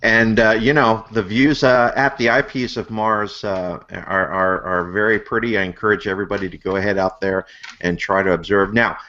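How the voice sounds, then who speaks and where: A man hosting a casual online astronomy hangout, talking with lots of "uh" fillers and upbeat shout-outs over a video call. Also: lowish voice, fairly even intonation, normal speed, highs cut off. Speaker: host.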